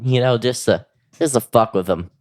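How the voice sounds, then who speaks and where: A man's voice: mid-range voice, normal speed, a little mellow. A man co-hosting a podcast, joking crudely and swearing freely in casual banter. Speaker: podcast co-host.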